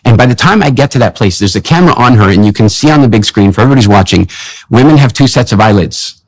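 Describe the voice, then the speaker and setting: A male guest telling stories in conversation, acting out the dialogue of his anecdotes with lively delivery. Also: medium pitch, fast talker, dry recording, poor audio. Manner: animated, acts out his own dialogue in anecdotes. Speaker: guest speaker. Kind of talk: conversational storytelling.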